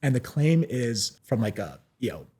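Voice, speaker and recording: An American man telling stories in a casual, animated way, full of fillers and restarts, and laughing often. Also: medium pitch, normal speed, husky. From United States. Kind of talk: casual anecdotal storytelling.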